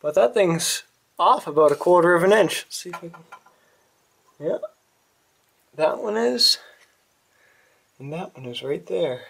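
A man's voice: high-pitched, expressive, unhurried, gravelly, pauses often, fairly bright tone. A man with a New England accent chatting casually in his garage workshop, rambling and swearing, with lots of fillers. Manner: rambling, profane, with many fillers. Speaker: small engine repair vlogger.

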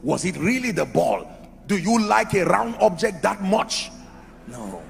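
A man's voice: sits high, big pitch swings, measured pace, gravelly. A man preaching a sermon in an emphatic style, asking the crowd rhetorical questions. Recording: echoey hall with music under.

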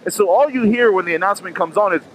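Brief: high-voiced man, animated, swearing storyteller, faint noise behind. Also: very fast, low-quality recording. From Miami. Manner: animated, profane, acts out quotes. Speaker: vlogger telling a story. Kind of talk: casual storytelling.

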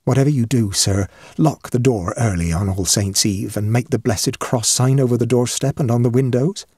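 A man voicing an old superstitious countrywoman housekeeper, slow and ominous in rustic dialect, husky. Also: mid-range voice, warm tone, dry recording, studio quality, natural voice. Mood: warning.

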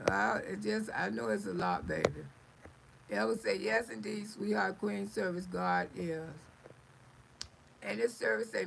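A woman's voice: medium pitch, fairly even intonation, measured pace, gravelly, slight background noise, poor audio. A middle-aged woman hosting a live stream, chatting casually, reading viewer comments aloud, blunt and salty, laughing often.

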